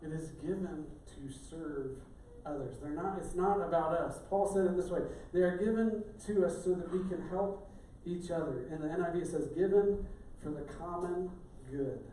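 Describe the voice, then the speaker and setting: A man's voice: fairly high pitch, normal speed, hardly any pauses, mellow, slight background noise. A middle-aged male pastor giving a sermon in a conversational, joking way. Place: church sanctuary. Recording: echoey church room, distant mic.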